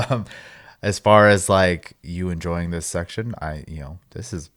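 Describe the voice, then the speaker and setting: A man with a very deep voice co-hosts a casual gaming podcast. He gives short, laid-back replies. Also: unhurried, fairly bright tone. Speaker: podcast co-host. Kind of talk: casual chat.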